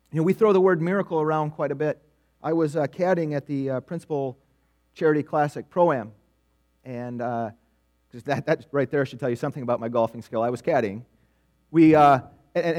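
A middle-aged man delivers a sermon in a relaxed, story-driven way, often doubling back on his words. His voice sits notably high for a man. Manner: conversational storytelling preaching with repetitions. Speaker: preacher.

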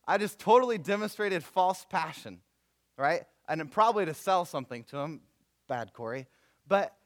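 A man's voice: on the high side, fairly quick. A young man preaching a sermon, telling stories casually and acting out the people in them. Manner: animated storytelling with voiced characters, casual slang. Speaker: youth preacher.

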